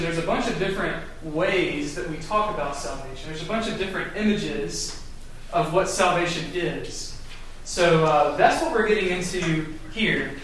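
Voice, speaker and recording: A man with a fairly high voice teaches a Bible study group in a loose, chatty way, full of fillers and restarts. He sits well back from the mic, so he sounds distant. The room rings with a strong echo. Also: fairly bright tone, slight background noise. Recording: very echoey room, mic far off.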